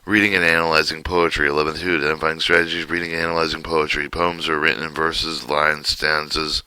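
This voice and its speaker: A man with an extremely deep, flat voice reads a textbook lesson aloud. His tone is bright and crisp, and the sound is dry and close. He reads haltingly, often stumbling and restarting words. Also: no room sound, poor audio. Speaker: teacher reading a textbook chapter.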